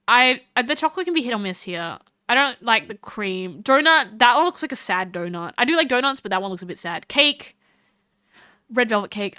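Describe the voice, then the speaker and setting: Bright, high-voiced woman streamer. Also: no echo, clean studio sound. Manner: chatty and animated, with frequent laughs and restarts. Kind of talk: casual live-stream chat.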